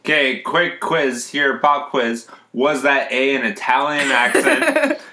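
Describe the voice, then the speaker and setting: A man's voice: mid-range voice, sing-song, slow pace, sharp tone. A young man co-hosting a podcast, teasing his partner in crude, mocking banter. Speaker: podcast co-host.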